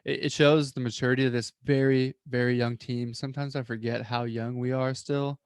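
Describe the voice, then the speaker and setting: Man with a smooth, flat voice. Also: mid-range voice, brisk, no room sound, clean studio sound. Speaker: podcast co-host. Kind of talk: casual sports podcast chat.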